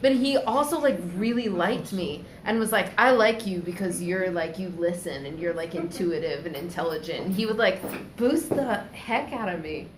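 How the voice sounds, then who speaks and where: A woman's voice: on the low side, moderate pace. A woman telling chatty anecdotes full of "like" in casual chat as co-host. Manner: chatty, lots of fillers like "like". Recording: echoey room with faint noise.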